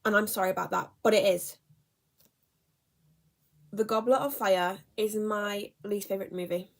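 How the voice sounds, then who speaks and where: A woman's voice: mid-range voice, steady tone, normal speed, creaky. A young woman, chatting casually in a book vlog, rambling and correcting herself as she goes. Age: young adult. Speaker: book vlogger. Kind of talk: casual chat.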